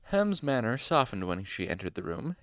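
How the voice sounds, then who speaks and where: A man's voice: mid-range voice, sing-song, normal speed, a bit bright, dry recording, studio quality. A young man reading a novel aloud at home in a casual, informal way, now and then stopping for asides and corrections. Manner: informal, stops to make whispered asides and corrections. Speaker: amateur audiobook reader. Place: home room.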